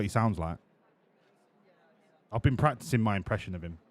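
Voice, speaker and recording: A man's voice: on the low side, expressive, moderate pace, pauses often. A man streaming a game, talking in a crude, rambling, sweary way. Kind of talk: casual gameplay commentary.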